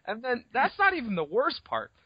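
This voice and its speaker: A man co-hosting a podcast, retelling a story in a casual, profane, animated way on dull lo-fi audio. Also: very high voice, moderate pace, breathy edge, dry recording. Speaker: podcast co-host. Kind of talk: casual chat.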